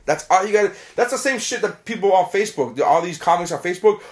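A man's voice: sits high, fast talker. A man who is a stand-up comedian, chatting casually and telling stories with a lot of swearing and acted-out voices. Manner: profane, animated, acts out quoted voices. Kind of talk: casual podcast chat, storytelling.

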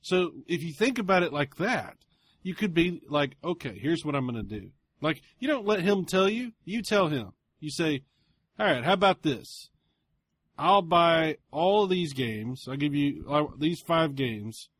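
A man's voice: on the high side, measured pace, no room sound. A man co-hosting a podcast in casual chat, telling stories with lots of swearing and acted-out exchanges. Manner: profane, animated storytelling. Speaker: podcast co-host.

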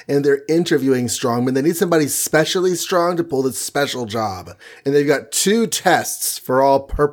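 A playful man recapping comics. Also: mid-range voice. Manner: playful, retells scenes with quick mock voices. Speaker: podcast co-host recapping comics. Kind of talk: casual chat.

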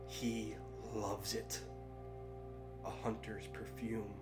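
A man reading dark fiction aloud in a measured, grave delivery. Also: lowish voice, completely flat delivery, over loud music.

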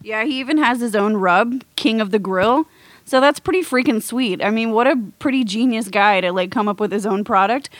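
A woman's voice: a little high, brisk, no echo. A woman chatting casually on a podcast in an upbeat way.

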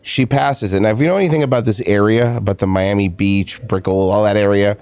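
A man's voice: fairly low pitch, a little fast, a little mellow, clear, resonant tone, no room sound. A man co-hosting a podcast, telling a story in casual chat, often repeating and restarting his phrases. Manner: rambling, repeats himself. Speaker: podcast co-host.

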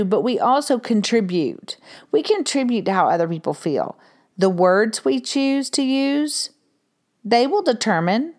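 A woman in her thirties hosting a parenting talk, casual and animated, often acting out what a parent or child might say. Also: medium pitch. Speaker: parenting podcast host.

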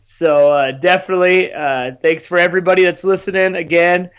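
Male guest, casual podcast chat, relaxed with lots of fillers, higher voice. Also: fairly quick, smooth. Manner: laid-back, easygoing, filler-heavy.

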